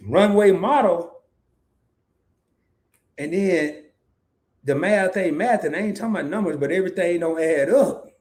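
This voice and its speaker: A man's voice: high-pitched, dark tone. A man, hosting a casual livestream, reading comments aloud, laughing often and repeating lines for emphasis. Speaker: host of a live talk stream.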